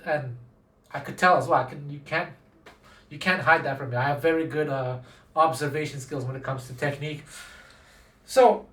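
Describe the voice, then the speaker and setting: A man's voice: fairly high pitch, a bit bright. Man teaching in a roomy echo. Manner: conversational, acts out quoted dialogue, frequent restarts. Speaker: guitar teacher. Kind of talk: casual talking-head lesson. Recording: roomy echo, speaking from a distance from the mic.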